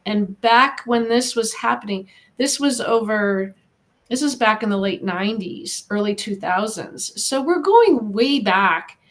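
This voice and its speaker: A woman's voice: on the high side, animated, unhurried. Earnest, emphatic middle-aged woman guest. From Eastern Washington, US. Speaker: guest, animal communicator. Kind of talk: podcast interview.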